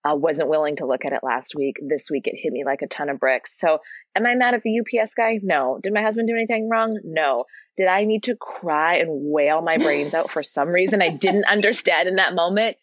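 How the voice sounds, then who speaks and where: A woman's voice: deep voice, a little fast, no echo. A woman in her thirties, a yoga teacher and podcast guest, telling stories in earnest and drawing out key words. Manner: earnest and animated storytelling, draws out key words. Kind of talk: casual podcast conversation.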